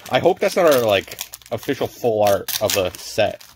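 A man's voice: lowish voice, very animated, normal speed, noisy background. A man casually chatting as he opens trading card packs, fussing over his camera setup. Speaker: card opening host. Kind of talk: casual card opening chat.

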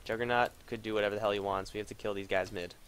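A man's voice: fairly low pitch, steady tone, rapid-fire, fairly bright tone, a little hiss or hum. A man giving profane, frustrated running commentary on his own video game match, muttering and then bursting out. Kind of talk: live gameplay commentary.

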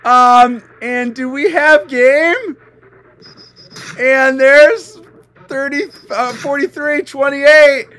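A man's voice: very high-pitched, fairly even intonation, drawn-out words, sharp tone. A man casually commentating online card game duels as host, amused and often breaking into laughter while chatting to viewers. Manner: giggly, keeps breaking into laughter.

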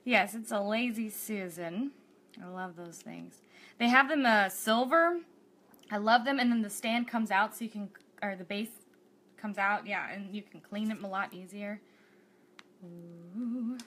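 A woman's voice: mid-range voice, normal speed, a bit bright. A woman hosting a cake decorating tutorial livestream, bubbly and chatty, thinking aloud as she works.

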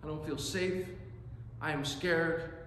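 A man's voice: fairly high pitch, fairly even intonation, slow, fairly bright tone, slight background noise. A man quoting a frightened wife. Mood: scared. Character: frightened wife wanting to go home. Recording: echoey church hall reverb.

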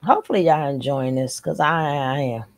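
A woman's voice: extremely low pitch, moderate pace. A woman co-hosting a casual reaction chat, talking things over with lots of questions. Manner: chatty, questioning. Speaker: co-host.

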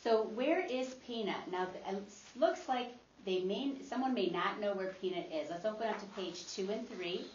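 A woman teacher speaks at an even, mid-range pitch, leading a guided reading lesson with patient encouragement. Her voice carries through a roomy classroom. The recording is slightly dull, with faint background noise. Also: moderate pace, few pauses. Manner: encouraging and patient, modeling expression aloud.

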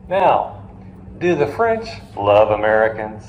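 A finance lecturer addresses a live classroom, telling stories and quizzing students with jokey asides. His medium-pitched voice is animated at a moderate pace, with the highs cut off, and the roomy classroom carries faint noise.

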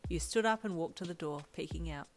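A woman reading a fanfiction story aloud in second person, with a soft, quiet storytelling manner. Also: lowish voice, brisk, faint music behind. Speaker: fanfiction reader.

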